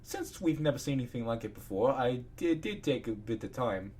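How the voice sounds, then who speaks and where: A man reading fan fiction aloud, voicing a kind and slightly nervous male pony doctor in a higher, polite voice. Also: animated, a little fast, a little mellow, a little hiss or hum, close to an everyday voice.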